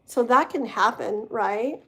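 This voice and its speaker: Woman reading tarot on a live stream, kinda high voice, rambles and trips over words. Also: slow pace, creaky. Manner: talks straight to the viewer. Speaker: tarot reader.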